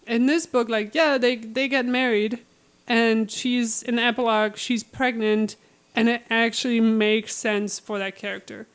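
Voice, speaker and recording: A woman co-hosting a casual book podcast, retelling the plot with animated energy and easy laughter. Her voice sits somewhat high for a woman. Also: measured pace, clear, resonant tone. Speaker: podcast co-host.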